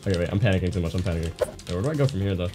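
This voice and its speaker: A young man giving excited gameplay commentary, swinging from muttering to yelling. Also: sits low, very fast, faint music behind. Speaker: gaming streamer.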